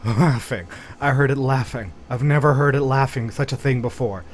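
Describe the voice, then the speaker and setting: A man's voice: mid-range voice, normal speed, slight background noise. A man co-hosting a let's play, making wry, joking remarks while playing. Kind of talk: casual gameplay commentary.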